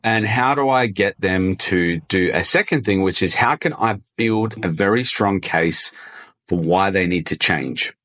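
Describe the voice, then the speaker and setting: Guy with a lowish voice chatting casually about sales calls, acts out little example lines. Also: a little slow, a bit bright. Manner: loose and conversational, restarts and acts out sample dialogue. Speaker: agency owner coaching on sales. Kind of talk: casual solo talk to camera.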